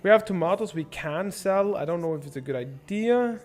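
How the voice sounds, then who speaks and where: A man's voice: sits high, expressive, moderate pace. Profane, rambling young male game streamer. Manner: profane, rambling, thinks out loud. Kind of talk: casual gameplay livestream commentary.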